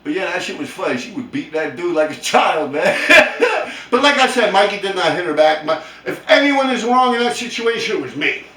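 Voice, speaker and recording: A man's voice: high-pitched, sing-song, normal speed, pushed and bright, echoey room, recorded from a distance. A man telling a funny story in casual, profane street slang, laughing hard as he goes. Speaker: storyteller vlogger.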